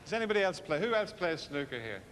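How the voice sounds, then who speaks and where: A man's voice: fairly high pitch, big pitch swings, fast, a bit bright. A man with an Irish accent doing live stand-up between snooker trick shots, chatty and self-mocking with the crowd. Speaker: comedian and snooker trick-shot entertainer. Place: live stage show before an audience. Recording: noisy live 1990s video recording.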